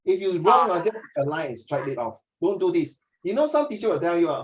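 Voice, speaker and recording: A Singaporean tutor with a Singaporean English accent leads a lesson loosely and jokingly, talking fast. He teases his students and switches between languages. His pitch swings widely and never settles, so he comes across animated and playful.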